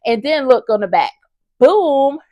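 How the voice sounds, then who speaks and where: A woman's voice: a little high, animated, normal speed, no echo, dull audio. A woman vlogger chatting casually about her crochet projects, enthusiastic and talking straight to her viewers. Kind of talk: casual review chat.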